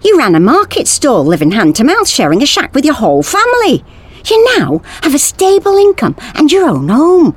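A woman's voice: high voice, wildly swooping pitch, normal speed, voice pushed up. A woman voicing a blunt, practical male factory worker who talks to his friend in a chummy, exasperated way.

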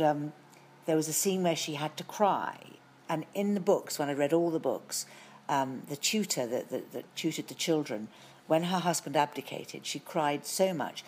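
Middle-aged british actress w a low voice spinning long stories, lots of restarts, faint hiss behind. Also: female voice. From Britain. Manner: lively storytelling with frequent restarts. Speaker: actress as guest. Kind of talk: anecdotal interview chat.

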